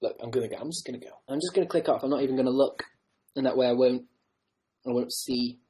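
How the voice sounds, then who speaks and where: Male livestreamer, husky voice, meandering self-mocking patter, webcam mic at home. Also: medium pitch, fast, warm tone, poor audio. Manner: joking, rambling, self-mocking. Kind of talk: rambling casual livestream chat.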